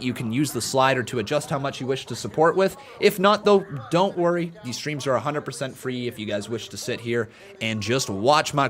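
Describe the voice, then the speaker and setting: An excitable man chats his way through a live watch-along stream, thanking viewers and reading their messages aloud. His voice swings up and down with lots of energy, often breaking into laughs. His pitch sits in a middle range. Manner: animated, reads out donations, laughs at own jokes.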